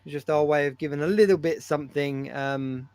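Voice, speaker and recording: A man's voice: on the high side, a little fast, darkish tone, clear, resonant tone, no room sound. Man hosting, dry close sound. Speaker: show host. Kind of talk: casual live-stream chat. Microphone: video call.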